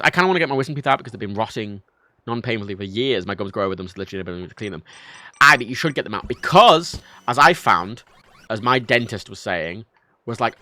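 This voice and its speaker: Young man, livestream gamer, bright voice, lively pitch, rambling, self-mocking, sudden loud outbursts. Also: dry recording. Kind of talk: casual gameplay chat.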